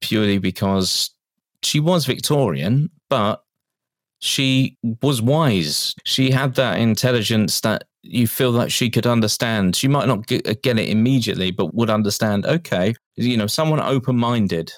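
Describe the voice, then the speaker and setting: Chatty low-voiced man. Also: unhurried, dry recording, studio quality. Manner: animated, chatty, laughs often. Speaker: podcast co-host. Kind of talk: casual chat.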